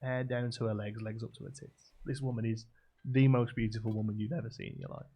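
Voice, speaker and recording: A man's voice: fairly low pitch, level tone, quick pace, warm tone, soft background music. A man telling a long, rambling joke in a chatty way while streaming a game.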